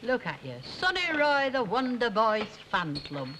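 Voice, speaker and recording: Brief: sharp-tongued older Northern woman, scolding and sarcastic, in a 1960s TV soap. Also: on the high side, very animated, normal speed, a little hiss or hum, poor audio. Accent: Northern English.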